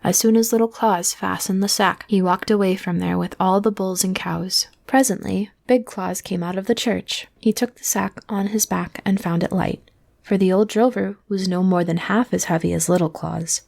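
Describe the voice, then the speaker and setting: Gravelly hushed woman, whispered role-play. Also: mid-range voice, fairly even intonation, moderate pace. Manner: soft, hushed bedtime reading. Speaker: storyteller.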